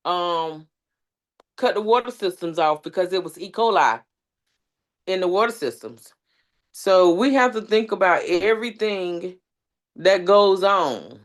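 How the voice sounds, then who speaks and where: A woman, a substitute teacher and community organizer, giving an impassioned talk at a panel. She talks earnestly, with long lists and frequent fillers. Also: fairly low pitch.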